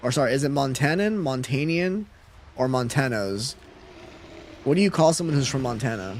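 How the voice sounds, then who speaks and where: A man with an expressive mid-range voice live-streams a game at a moderate pace, with slight background noise. Laid-back and chuckling, he chats casually and reads his viewers' messages aloud.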